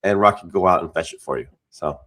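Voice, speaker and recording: A man's voice: low-pitched, fast talker, a bit bright. A man co-hosting a weekly community call, easygoing and agreeable, chatting casually with lots of yeps and fillers. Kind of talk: casual promotional chat.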